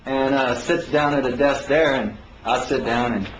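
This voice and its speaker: A man telling an animated story about his own court case, acting out the people he quotes. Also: medium pitch, moderate pace, slight background noise. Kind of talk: anecdotal storytelling talk. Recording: roomy, dull lo-fi 2009 recording.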